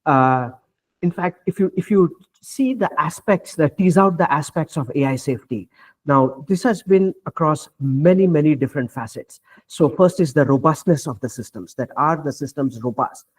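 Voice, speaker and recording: A man speaking as a panelist at a virtual roundtable, explaining AI safety in a measured way with many fillers and restarts. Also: fairly high pitch. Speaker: panelist, AI researcher. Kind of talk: panel discussion remarks. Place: virtual roundtable, video call.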